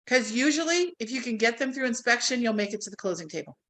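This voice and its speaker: Woman real estate trainer, fairly high voice, lively classroom delivery, acts out the calls she describes. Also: quick pace. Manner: animated, acts out quoted phone calls. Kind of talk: live training class talk. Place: classroom with a live audience.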